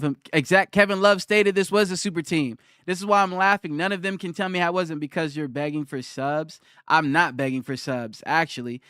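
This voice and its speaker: A man's voice: fairly high pitch, fairly bright tone, clean tone, dry recording, clean studio sound. A young man on a live stream who argues with his chat, repeats his challenge and reads their comments aloud.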